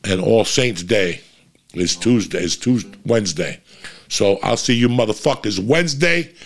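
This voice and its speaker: A man's voice: lowish voice, expressive, a little slow. A middle-aged man, a comedian hosting his own podcast, giving a blunt, profane motivational monologue. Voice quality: gravelly. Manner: blunt, profane, fired-up ranting.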